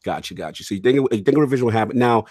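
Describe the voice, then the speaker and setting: A man's voice: mid-range voice, rapid-fire, no echo, studio quality. A man hosting a gaming podcast, quizzing his co-hosts in casual chat. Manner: lively, quizzing guests, frequent mm-hmm. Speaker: podcast host.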